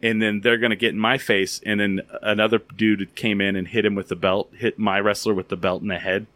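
A man hosting a podcast, telling stories in a casual, animated, rambling way with a lot of filler words. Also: lowish voice, fairly quick, no echo. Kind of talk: casual storytelling and interviewing.

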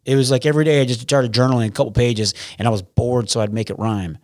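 A man in his forties talks through his story as an interview guest, rambling and restarting his sentences, with the odd curse word. His voice sits at an ordinary pitch, and the sound is dry and close with no room around it. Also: fairly even intonation, fast talker, a little mellow, no echo. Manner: rambling, with frequent restarts and profanity. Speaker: podcast guest. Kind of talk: casual conversational interview.

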